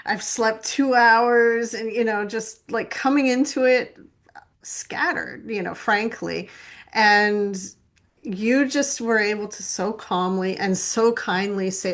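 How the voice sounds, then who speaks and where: A woman's voice: medium pitch, unhurried, a bit bright. Enthusiastic woman podcast host. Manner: enthusiastic, laughs often, self-deprecating. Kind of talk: casual podcast interview.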